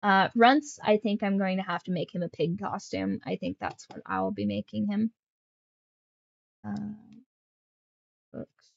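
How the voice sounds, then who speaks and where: A young woman who is a streamer and author chats casually on a livestream from a room at home, rambling in baby talk to her pets. Her medium-pitched, gravelly voice has lively intonation, a slightly slow pace and long pauses, and the lo-fi stream audio is dry and slightly dull.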